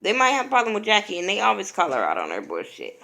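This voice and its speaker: A woman's voice: medium pitch, wildly swooping pitch, fast, creaky, sharp tone. A woman giving a blunt, profane, opinionated casual recap of a reality TV episode.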